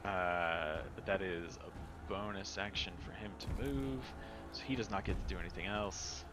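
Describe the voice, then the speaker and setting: Brief: low-pitched man as game master, matter-of-fact, music under the voice. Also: moderate pace, fairly bright tone. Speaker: dungeon master. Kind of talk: running a tabletop game. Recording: music playing behind.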